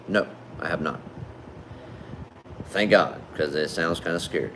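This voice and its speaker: A man's voice: low-pitched, huge pitch swings, slow, creaky, long pauses, fairly bright tone, slight background noise. A man hosting a casual livestream, reading viewer comments aloud in a laid-back, friendly way and calling people man and brother. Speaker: livestream host.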